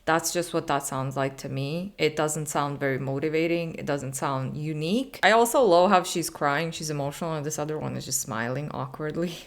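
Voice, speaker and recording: A woman giving critical commentary on a video, speaking in a dry, deliberate way. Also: low voice. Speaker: commentary YouTuber.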